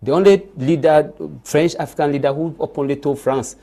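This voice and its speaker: A man's voice: on the high side, brisk, dark tone. A man, arguing emphatically as a panelist on a live TV debate and repeating words when pressed.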